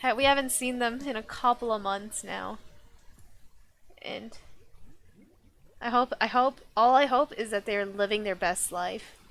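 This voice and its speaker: A woman's voice: on the high side, unhurried, pauses often, fairly bright tone. A young woman streaming live, chatting casually and rambling with lots of restarts.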